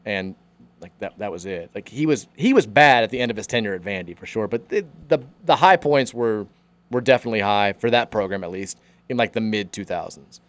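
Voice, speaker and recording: A man's voice: lowish voice, lively intonation, no echo. A man hosting sports talk radio, reading listener texts and arguing about college basketball coaches. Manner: reads listener texts aloud, fast and argumentative.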